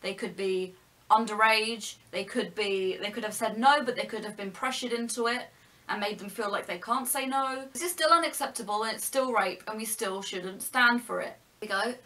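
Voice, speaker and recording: A woman's voice: medium pitch, moderate pace, bright, forceful tone. A young woman vlogging her opinions, earnest and argumentative, explaining her points step by step. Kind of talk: opinion vlog monologue.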